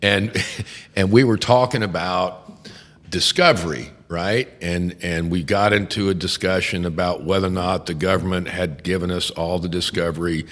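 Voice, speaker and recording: Older man, seasoned trial attorney; deep, cursing, animated raconteur; reverberant room sound. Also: moderate pace. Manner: profane, animated storyteller who acts out courtroom voices. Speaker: criminal defense attorney, podcast host. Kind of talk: casual storytelling chat.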